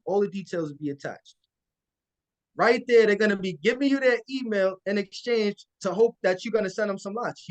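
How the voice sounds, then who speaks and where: High-voiced man coaching confidently. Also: fairly bright tone, rough recording. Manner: casual and confident, acts out phone calls. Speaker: guest land investor. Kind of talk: coaching on a live call.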